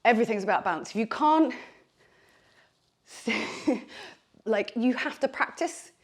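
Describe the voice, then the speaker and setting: A woman's voice: a little high, expressive, takes it slowly. A woman leading a bodyweight workout, chatty and encouraging, out of breath as she exercises. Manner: chatty, encouraging, with fillers like "like" and "okay". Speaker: fitness instructor. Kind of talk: workout instruction.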